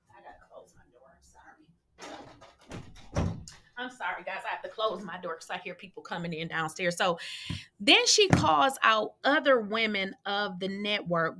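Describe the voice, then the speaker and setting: A woman's voice: mid-range voice, bright, forceful tone. A woman gossip blogger giving blunt, sassy commentary straight to her viewers from a room in her home. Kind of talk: opinionated commentary vlog.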